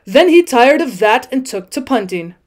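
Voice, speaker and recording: A woman voicing a cheery, hearty male water rat in a storybook reading, with brisk, loud calls. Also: sits high, big pitch swings.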